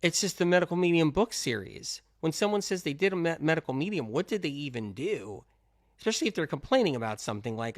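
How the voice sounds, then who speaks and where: A man's voice: big pitch swings, fast talker, no room sound, clean studio sound. Emphatic man full of rhetorical questions. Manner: swings between loud outbursts and low-key talk. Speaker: health talk host. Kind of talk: animated monologue.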